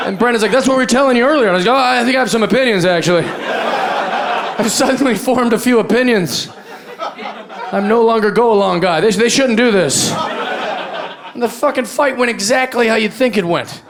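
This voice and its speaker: Amid crowd noise and audience laughter, a stand-up comedian in his thirties rambles loosely and acts out voices on a club stage, holding a handheld mic. He has a high, expressive voice and a brisk delivery.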